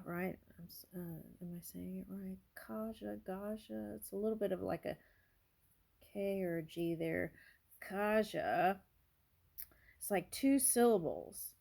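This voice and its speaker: With a creaky, medium-pitched voice, this tarot reader muses casually over each card she draws. She thinks aloud, letting out small exclamations.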